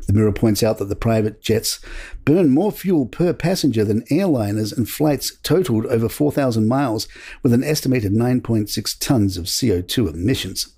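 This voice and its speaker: Gravelly-voiced male news podcast host. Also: medium pitch. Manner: measured, steady delivery of headlines. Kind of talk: scripted royal news reading.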